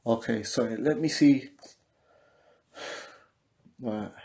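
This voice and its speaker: Hosting a laid-back livestream, an English man with a London accent talks loosely and reads viewer comments. His medium-pitched voice is gravelly and warm, and he speaks slowly. He's a chatty, repetitive podcast host who leans on loose street slang.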